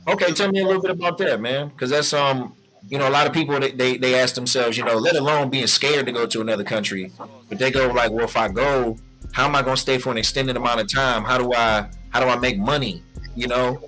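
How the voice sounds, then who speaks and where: Relaxed, bright-voiced male interviewer. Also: medium pitch, fast, soft background music, poor audio. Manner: laid-back, encouraging, calls the guest "man" and "bro". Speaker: interview host. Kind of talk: casual interview.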